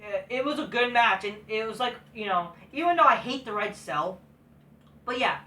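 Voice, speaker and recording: A man ranting in scornful, heavily sworn commentary, often building to a yell. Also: high voice, expressive, moderate pace. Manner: scornful, swearing, rising to yelling. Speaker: wrestling commentary vlogger. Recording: roomy echo, far from the mic.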